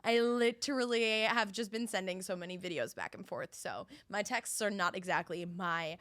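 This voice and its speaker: A woman's voice: mid-range voice, moderate pace. A young woman from Philadelphia in her twenties, co-hosting a podcast and telling a story in casual chat, acting out both sides of a conversation. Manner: animated storytelling with quoted voices. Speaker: podcast co-host.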